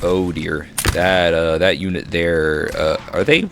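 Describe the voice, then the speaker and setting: Guy with a lowish voice narrating a war game, lots of oohs and ohs, gunfire noise behind. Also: a little slow, gravelly. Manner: excitable, reacts with frequent exclamations. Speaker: gaming commentator. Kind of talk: casual battle commentary. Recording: noisy with battle sounds behind. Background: gunfire and battle noise from the game.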